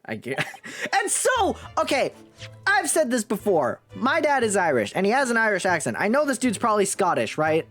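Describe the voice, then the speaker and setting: An excitable young man streaming a game, talking loudly and swearing freely. His pitch jumps around constantly, often rising high when he reacts. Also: brisk, soft background music. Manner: loud, profane, excitable. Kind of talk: casual game commentary.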